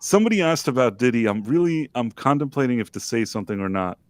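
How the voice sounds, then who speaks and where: A man tells a story on a live stream in a loose, rambling, self-deprecating way, full of fillers and restarts. His pitch sits in the ordinary middle, and the sound is dry and close to the microphone. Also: lively intonation, fast, no room sound. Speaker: livestream co-host.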